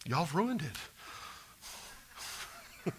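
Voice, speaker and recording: A middle-aged man preaching a sermon as pastor, swinging between soft asides and loud, animated exclaiming. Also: high voice, very slow, husky.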